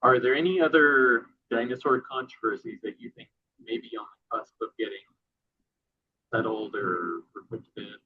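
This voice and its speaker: Husky, muffled male interviewer. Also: mid-range voice, steady tone, moderate pace. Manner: brief backchannels, jokey asides. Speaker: interviewer, comic creator. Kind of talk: casual interview.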